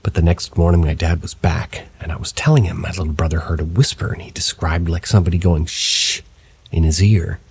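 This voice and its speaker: A man narrating first-person paranormal stories as scripted narration, in a low, even storytelling tone with a husky voice. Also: quick pace, few pauses, slight background noise.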